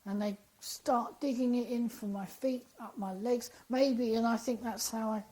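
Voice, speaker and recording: A woman, an interview guest, telling a personal story in a lively, animated way and acting out the dialogue she quotes. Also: on the high side, a little slow, rough recording.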